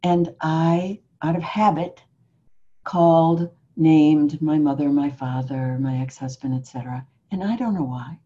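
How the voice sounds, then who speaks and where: Woman interviewer, low mellow voice, earnest searching questions, kinda muffled lo-fi sound. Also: a little slow. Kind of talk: reflective spiritual conversation. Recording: slightly muffled lo-fi recording.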